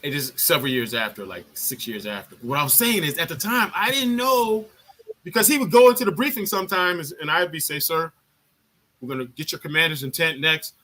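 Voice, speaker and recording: High, bright-voiced man telling army stories. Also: fairly quick. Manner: profane, animated, acts out other people's lines. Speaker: army veteran telling a story. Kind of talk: casual storytelling on a live chat.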